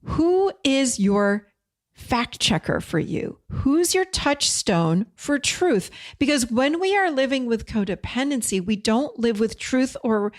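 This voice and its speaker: A woman's voice: fairly high pitch, sing-song, slow pace. A woman hosting a podcast, talking in a casual, direct teaching monologue and acting out bits of dialogue as she goes. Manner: conversational and direct, acts out quoted dialogue. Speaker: podcast host.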